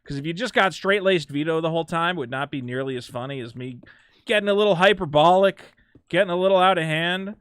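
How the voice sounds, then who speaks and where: A man hosting a call-in show, chatting in an animated way and sometimes breaking into loud mock shouting. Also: on the high side, fast, clean tone, no room sound. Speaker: host.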